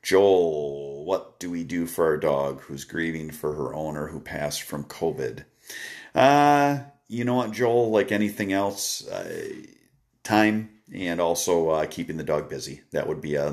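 Tired man, very low voice, relaxed rambling host chatting on a live stream. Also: moderate pace. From Wisconsin. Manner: relaxed and rambling, frequent "uh" fillers. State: tired, yawning. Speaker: dog trainer hosting a live stream. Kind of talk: casual live-stream chat answering comments.

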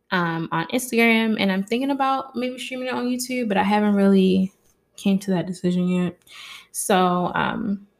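A woman hosting her own podcast, talking casually and heartfelt to her listeners into a mic, often calling them y'all. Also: mid-range voice. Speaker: podcast host. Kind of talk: casual solo podcast talk.

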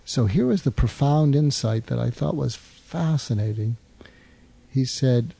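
Gravelly, dark-voiced older man. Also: mid-range voice, no echo. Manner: earnest, fills pauses with "uh", restarts and repeats words. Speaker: guest psychiatrist and author. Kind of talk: interview, explaining advice.

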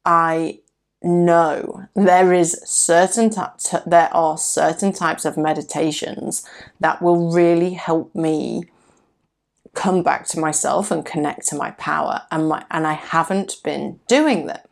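A woman speaking in a low register with noticeable vocal fry, sharing personal experience in a relaxed solo podcast. She sounds candid and reflective. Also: slow. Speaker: podcast host. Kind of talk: casual solo podcast talk.

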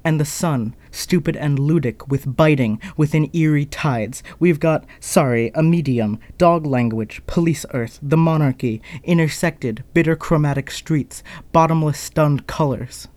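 A man with a fairly high voice reads experimental spoken-word poetry, jumping between images and cutting himself off with quick asides. The sound is close and dry, with no room around it. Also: a little mellow, no echo. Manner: fragmented, associative delivery with abrupt asides and apologies.

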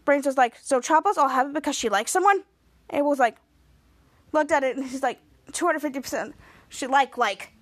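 High-voiced woman recapping a TV episode. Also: brisk, no echo. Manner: lively retelling, acting out quoted dialogue. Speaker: podcast host.

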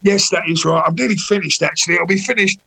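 A man's voice: high-pitched, fast, creaky, slightly rough, rough recording. A middle-aged man, telling anecdotes as a guest in a casual chat. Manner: anecdotal, animated when voicing people in stories.

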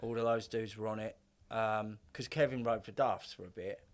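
A man's voice: on the low side, fairly even intonation, normal speed. A man, a podcast guest telling rambling stories in casual chat, swearing and acting out what others said. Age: 50s. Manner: rambling, swears, acts out quotes.

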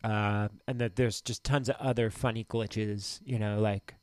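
A man's voice: fairly low pitch, fairly even intonation, a little slow, no echo. A man co-hosting a podcast, chatting casually in a rambling, hesitant way and swearing now and then. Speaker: podcast co-host. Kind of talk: casual chat.

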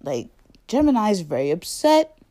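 A woman's voice: medium pitch, very animated, unhurried, dark tone. A young woman casually telling a story to the camera, full of fillers and quoted dialogue, laughing often.

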